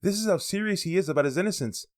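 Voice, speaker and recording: A man preaches through a Bible passage, his slightly high voice rising and falling widely. He mixes careful explanation with casual, off-hand asides. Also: lively intonation, rapid-fire. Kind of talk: sermon with Bible exposition.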